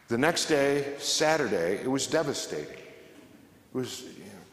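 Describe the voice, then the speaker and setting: A man's voice: medium pitch, big pitch swings, a little slow, a bit bright. Middle-aged male former radio host, conversational storyteller, long hall reverb. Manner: conversational, humorous, acts out the voices in his story. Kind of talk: storytelling talk to a church audience. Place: large church hall.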